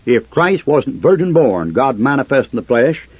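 A man preaches a fiery, combative sermon, hammering his listeners with rhetorical questions. His husky voice swings widely in pitch. The recording is dry and muffled, like an old lo-fi tape. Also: big pitch swings, moderate pace, dry recording.

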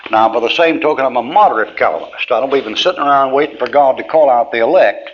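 A man's voice: mid-range voice, fast talker. A man giving a classroom Bible lecture in a folksy, blunt and plainspoken way. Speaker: Bible teacher. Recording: dull lo-fi tape with faint hiss.

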